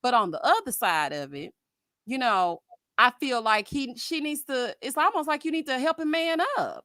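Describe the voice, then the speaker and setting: A woman hosting a live stream, chatting about a reality show in a sassy, animated way, calling her viewers "honey" and "child.". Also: a little high, brisk, no echo, studio quality. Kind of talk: casual reality TV commentary.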